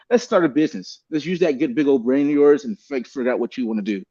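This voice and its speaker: A man's voice: a little high, fairly quick, warm tone, muffled recording. A man speaking as a podcast guest, earnest and rambling, often calling the host "man" and "bro". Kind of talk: candid podcast conversation.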